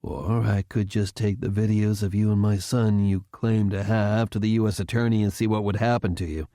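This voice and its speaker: A man voicing a furious retired general who speaks in a low, cold, threatening way. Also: level tone, normal speed, mellow, no room sound, clean studio sound, lightly acted. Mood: menacing.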